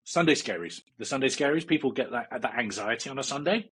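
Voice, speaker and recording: A man's voice: medium pitch, expressive, quick pace, a bit bright, husky, poor audio. A man, a meditation teacher, chatting as a guest in a casual interview, rambling with fillers and often laughing. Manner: rambling, many fillers and restarts, laughs a lot.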